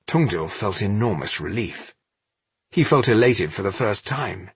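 A man narrating a fantasy audiobook with a steady, measured reading. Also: low voice, husky, dry recording.

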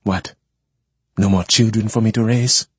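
A man's voice: on the low side, moderate pace, a little mellow, husky, no echo, voice pushed up. A man voicing a grieving, proud woman who has lived for centuries, speaking bitterly in a story reading. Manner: bitter, pleading.

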